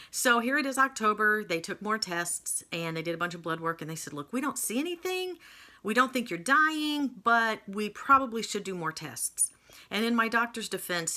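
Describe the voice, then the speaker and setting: A woman's voice: medium pitch, pushed and bright. A woman casually telling her own story to camera at home, chatty with self-mocking humor.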